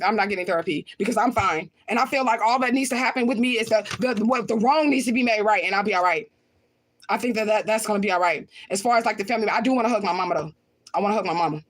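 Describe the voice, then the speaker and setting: A woman livestreaming and answering viewer comments in a blunt, confrontational way, swearing often and repeating her points for emphasis. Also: fairly high pitch. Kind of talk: casual livestream talk.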